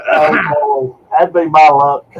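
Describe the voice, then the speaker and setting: A man's voice: fairly high pitch, steady tone, slow pace, muffled recording, a crowd in the background. A man hosting a casual interview show, asking long rambling questions full of fillers. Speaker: show host.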